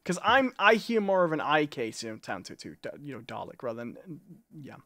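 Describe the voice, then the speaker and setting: A man with an English accent co-hosting a casual chat, opinionated and quick to laugh. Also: fairly high pitch, big pitch swings, bright, forceful tone, slight background noise. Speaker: co-host.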